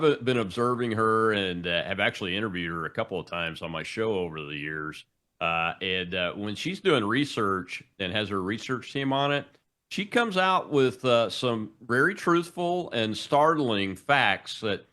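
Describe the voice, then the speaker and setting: A man hosting a political talk show, speaking haltingly and filling pauses with "uh". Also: on the low side, a bit bright. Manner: halting, full of "uh" fillers.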